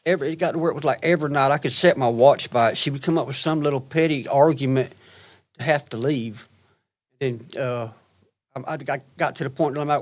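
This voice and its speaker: A man giving courtroom testimony in a halting, plain-spoken way, recounting events step by step. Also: medium pitch.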